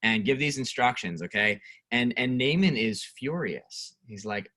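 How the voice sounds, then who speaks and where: Bright-toned man teaching Bible study. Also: mid-range voice, lively intonation, unhurried. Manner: conversational, reads scripture aloud, asks the group questions. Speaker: youth pastor.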